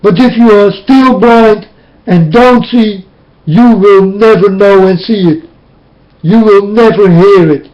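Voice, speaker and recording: Brief: high-pitched man, slow and intense, preaching warnings at a webcam. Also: darkish tone, dull audio. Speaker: self-styled preacher. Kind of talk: webcam sermon.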